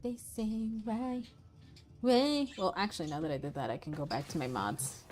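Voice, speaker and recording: A woman livestreaming a game, chatting casually with her viewers; she is excitable, swears freely and laughs often. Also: fairly low pitch, moderate pace, faint music behind. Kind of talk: casual gaming livestream chat.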